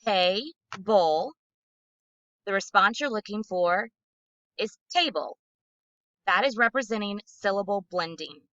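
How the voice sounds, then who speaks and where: A woman presents a lesson for teachers in a bright, clear voice, carefully modeling each syllable aloud. The voice-over is dry and close. The sound is a little dull. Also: medium pitch, lively intonation, normal speed, dry recording. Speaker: literacy trainer.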